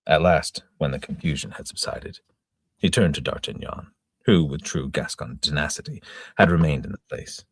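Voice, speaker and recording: A middle-aged man reads a classic novel aloud with a very deep, husky voice. His delivery is plain and steady, with occasional stumbles. The recording sounds close and dry. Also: moderate pace, no echo. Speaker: reader. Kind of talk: amateur reading of a classic novel.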